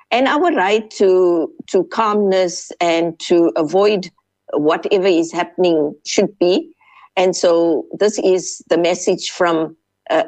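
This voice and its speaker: A woman speaking as a civil society guest on a panel, halting and searching for words with many fillers. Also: fairly low pitch, darkish tone, no echo. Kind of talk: panel discussion.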